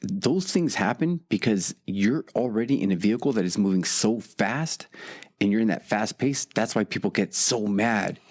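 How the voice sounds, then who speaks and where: A man co-hosting a faith-based podcast, telling stories in quick, animated casual chat, often asking "you know what I mean". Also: on the low side. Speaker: podcast co-host.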